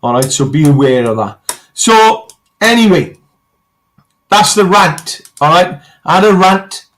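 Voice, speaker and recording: A man's voice: sits high, expressive, measured pace, fairly bright tone. An English man hosting a livestream rant, who keeps checking in with "all right?" and pleads with his listener. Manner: repeats "all right?", ranting then pleading. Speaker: host.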